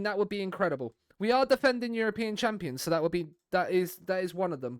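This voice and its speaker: A young man talks through his game to viewers in a loose, rambling stream chat. His voice sits high and sounds smooth and clear. The sound is dry and close, with no room in it. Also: dry recording. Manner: rambling, chatty, talks to viewers while playing.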